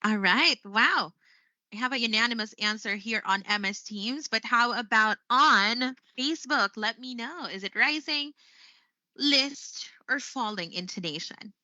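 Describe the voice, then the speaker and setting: A woman leads a live online English lesson in a very bright, high-set voice. She takes her time with each word and often breaks into easy laughter. The sound is close and dry but a little muffled. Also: dry recording. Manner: slow, expressive delivery with frequent laughs. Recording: slightly muffled stream audio.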